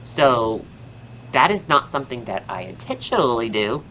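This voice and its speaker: A man's voice: mid-range voice, very animated, moderate pace, bright, forceful tone, slight background noise, poor audio. A young man with a Southern American accent hosting a podcast, chatting casually and rambling upbeat with lots of fillers. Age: young adult. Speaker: podcast host and astrologer. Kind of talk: casual chat.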